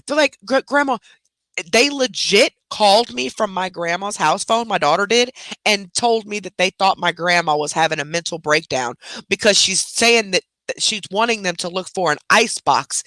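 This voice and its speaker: A woman talks in a casual, animated storytelling chat. Her voice is bright and forceful and close, with a dry sound and no room echo. She swears freely and lets her words run loose. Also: medium pitch, moderate pace. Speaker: host telling a family story.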